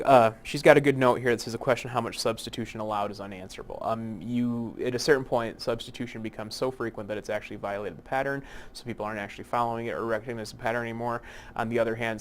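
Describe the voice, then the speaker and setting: A man teaching poetic meter in an unscripted lecture, with many fillers and restarts, slowing down to spell out terms. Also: fairly low pitch, slight background noise. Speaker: literature instructor. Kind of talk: recorded lecture.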